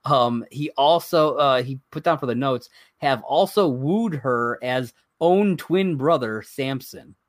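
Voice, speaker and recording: In a slow, mid-range voice, a man co-hosting a podcast rambles and chuckles as he reads list items in casual chat. The studio sound is clean and free of echo.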